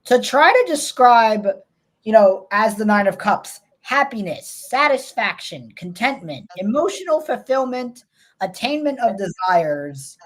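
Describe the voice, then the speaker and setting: This tarot-reading host, a woman with a New York accent, keeps things casual and drifts into wry, meandering asides. She sounds a little high and sing-song, never in a hurry.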